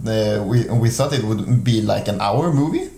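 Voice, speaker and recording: Male co-host, halting casual talker, warm dark tone, echoey room. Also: on the low side, animated, creaky. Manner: hesitant, repeats words and restarts. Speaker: co-host, amateur filmmaker. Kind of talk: casual chat. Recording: roomy echo.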